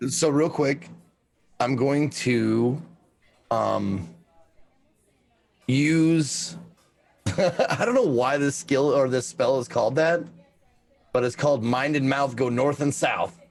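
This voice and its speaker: A man's voice: medium pitch, takes it slowly, vocal fry, pauses often. Man player explaining a spell. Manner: explanatory, reads rules aloud. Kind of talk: explaining a spell in a tabletop game.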